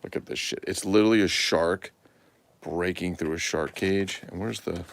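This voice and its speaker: A man's voice: sits low, normal speed, creaky. A tired man chatting casually and rambling on a livestream, swearing freely. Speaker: toy collector livestream host.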